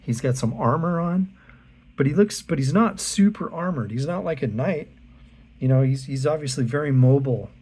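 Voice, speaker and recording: Mellow husky-voiced man chatting about art. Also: fairly high pitch. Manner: chatty, addresses viewers directly. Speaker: art channel host. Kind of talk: casual art book walkthrough.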